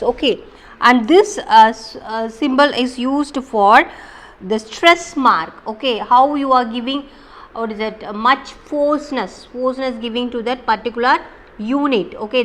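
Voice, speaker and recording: Woman teaching class. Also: a little high. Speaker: English teacher. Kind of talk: recorded online class lesson.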